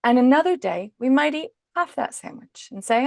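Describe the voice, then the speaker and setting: A woman guest on a podcast, calmly and patiently explaining parenting advice in an instructive way. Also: sits high, moderate pace, creaky, dry recording, clean studio sound.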